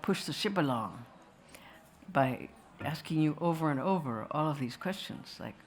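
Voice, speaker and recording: A filmmaker answering questions at a festival tells a wry, digressive story to the audience, now and then slipping into voices. Her low-pitched voice is expressive at a moderate pace, and there is a little hiss or hum.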